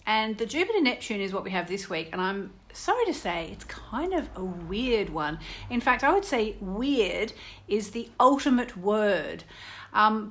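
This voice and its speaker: A woman with an Australian English accent, hosting an astrology radio show in a casual, chatty way and telling stories. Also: mid-range voice. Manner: chatty, storytelling, laughs often, animated.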